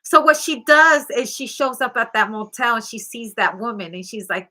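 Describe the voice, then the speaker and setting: A woman's voice: medium pitch, normal speed, few pauses, bright, forceful tone. A woman tarot reader casually retelling a story, chatty, often checking in with 'okay?' and acting out the quotes.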